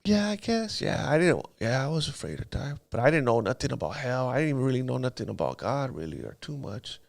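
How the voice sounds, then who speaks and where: A man's voice: medium pitch, big pitch swings, a little fast, creaky, no echo. A man telling his life story in an interview, in casual street slang, often asking "you know what I mean". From Los Angeles area. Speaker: guest.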